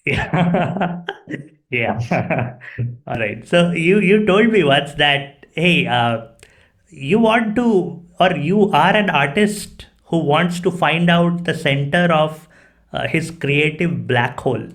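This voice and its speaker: A man's voice: fairly high pitch, lively intonation, takes it slowly, a bit bright. Effusive man hosting a podcast. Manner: effusive, repeats "right?" and "cool". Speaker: podcast host. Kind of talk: casual interview.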